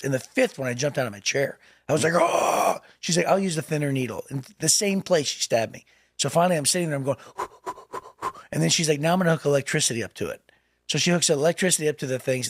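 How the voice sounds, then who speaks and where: A podcast co-host with a slightly high voice tells a personal story in a casual, laugh-filled chat, animated and laughing often. The studio-quality recording has no echo.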